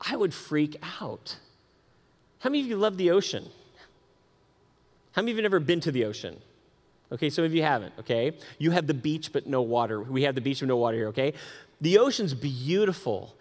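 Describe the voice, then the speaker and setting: Guy preaching a sermon, kinda high voice, lively, stumbles and repeats words, long echo in a hall. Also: brisk, pauses often. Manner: animated, repeats words, asides to the congregation. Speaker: pastor.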